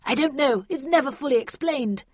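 Brief: woman voicing a stern old agent, grim and brisk; higher voice, lo-fi. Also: animated, a little mellow, no room sound.

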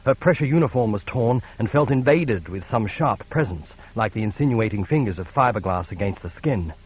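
A man narrating a science fiction audiobook in a measured, steady read. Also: on the low side, husky, muffled recording. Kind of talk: scripted narration.

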